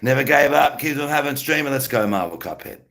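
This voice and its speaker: Streamer, male, rambling casual chat, gravelly fry in the voice. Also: medium pitch, lively intonation, fairly quick, a bit bright. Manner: rambling, talks to chat viewers by name.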